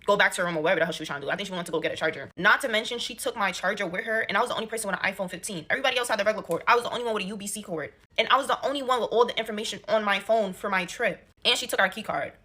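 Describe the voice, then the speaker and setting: A young woman telling a casual gossip story with animated, slangy, indignant delivery. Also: mid-range voice, racing, few pauses.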